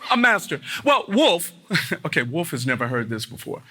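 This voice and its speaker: A man telling a fable live to an audience of students in an arts center, animated, with dramatic pauses and chanted call-and-response refrains. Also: fairly high pitch. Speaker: storyteller.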